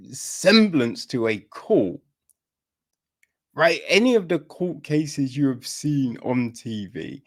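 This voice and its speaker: A man talks through a film review for a podcast in a loose, rambling way, full of restarts and exasperated asides. His voice carries a gravelly rasp, his delivery is slow and drawn out, and his pitch rises and falls a lot. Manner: rambling, exasperated, lots of fillers and restarts, mocking quoted voices. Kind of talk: casual spoken film review.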